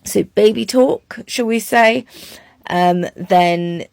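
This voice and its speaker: A woman talking over her own horse training footage in a relaxed, chatty way, with many ums. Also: medium pitch, slow, creaky, no room sound.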